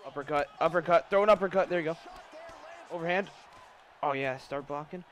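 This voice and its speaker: A young man giving live gameplay commentary, trash-talking his opponent, swearing and erupting into shouts. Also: a little high, brisk, a little hiss or hum. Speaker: gaming YouTuber.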